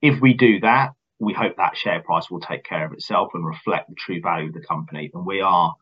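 Brief: deep, husky man, finance executive, measured answers, dull muffled recording. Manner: measured, earnest, repeats words at starts. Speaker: company finance chief. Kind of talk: business interview answers.

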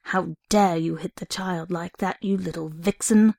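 A woman's voice: lowish voice, steady tone, unhurried, creaky, dark tone, dry recording, studio quality. A woman reading aloud, voicing a young male priest who scolds and hisses in anger. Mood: scolding. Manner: scolding, hissing. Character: angry young male priest, gruff then gloomy.

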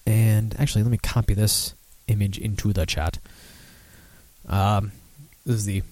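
A man's voice: on the low side, fairly even intonation, a little slow, darkish tone, no echo. A man hosting a casual live-stream beer podcast, rambling, swearing and laughing at himself. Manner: rambling, profane, self-mocking, laughs often. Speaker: podcast host.

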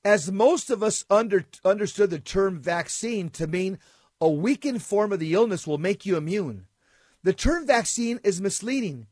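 Man, high voice, dry close sound, reading prepared commentary, deliberate and indignant. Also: expressive, darkish tone, breathy edge, dry recording.

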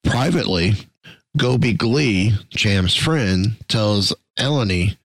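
A man hosting a podcast, recapping an episode in a casual, halting way with many restarts. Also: fairly low pitch, no room sound. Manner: halting, restarts words, fillers.

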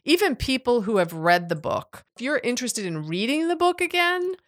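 A woman's voice: a little high, big pitch swings, normal speed. A woman co-hosting a podcast in casual, agreeable chat. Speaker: podcast co-host.

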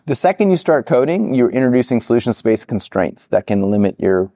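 Guy rattling off product advice super fast, kinda dark mellow voice. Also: mid-range voice, no echo, studio quality. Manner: animated, acts out quoted reactions. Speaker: product management guest. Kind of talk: interview answers.

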